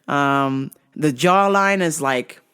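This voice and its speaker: A woman hosting a podcast who tells a comic story in an animated way, laughing often and swearing freely. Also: low voice, takes it slowly, clear, resonant tone. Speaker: podcast host.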